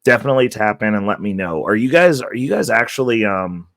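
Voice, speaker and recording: Deep-voiced stuffy man, rambling casually. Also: expressive, a little fast, gravelly, no room sound, clean studio sound. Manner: loose and rambling, with many fillers and self-corrections; upbeat, hyping the viewers. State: stuffy and voice nearly worn out. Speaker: crypto channel host. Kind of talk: casual talk to camera.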